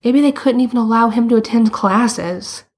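A woman narrating a story in a calm, steady storytelling manner. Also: fairly high pitch, moderate pace, husky. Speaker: audiobook reader.

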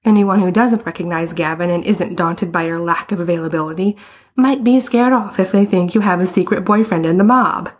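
A woman's voice: fairly low pitch, a little fast, breathy edge. A woman voicing a showy, confident young man in a story, talking in a breezy, self-assured way.

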